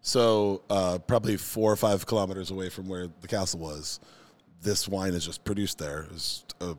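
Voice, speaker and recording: A man in his forties telling a story in a relaxed, casual chat. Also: low voice, moderate pace. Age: 40s.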